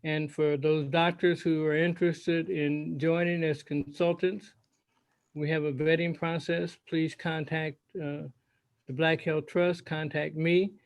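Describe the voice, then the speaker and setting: A man hosting an online health forum, giving halting closing remarks over a video call and slowly spelling out contact details. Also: fairly high pitch, little pitch movement, no room sound.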